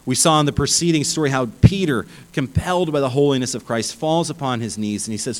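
A man preaching a sermon, emphatic and animated, often restarting his phrases. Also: medium pitch, fast, few pauses, rough recording. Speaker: pastor.

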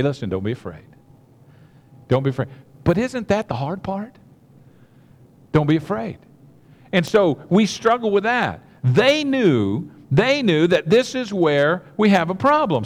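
A man's voice: high voice, big-room sound. A man preaching a sermon, earnest and repetitive, with many restarts and direct asides to the congregation. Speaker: pastor.

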